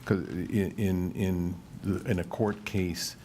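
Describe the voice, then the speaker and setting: Guy on a committee, very deep voice, lots of stammering restarts, faint hum behind. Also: steady tone, warm tone. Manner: halting, reads wording slowly. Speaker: committee member. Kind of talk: formal meeting discussion.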